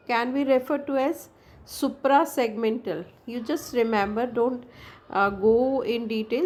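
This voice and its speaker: A woman's voice: on the high side, a little mellow. A woman with an Indian English accent, a native Hindi speaker, giving a classroom lecture. She explains in a roundabout way with many fillers and restarts. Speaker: English teacher.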